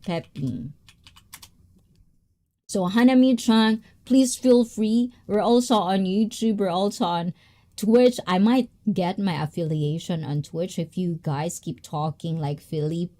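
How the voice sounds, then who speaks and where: A woman hosting a casual livestream, excitable and giggly, hopping between languages. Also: mid-range voice. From Philippines. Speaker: livestream host.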